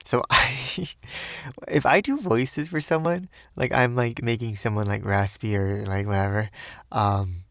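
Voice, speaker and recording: A man's voice: medium pitch, fairly even intonation, a little slow, fairly bright tone, no room sound, studio quality. A man who narrates audiobooks, reading and then chatting casually in a rambling, self-deprecating way full of fillers.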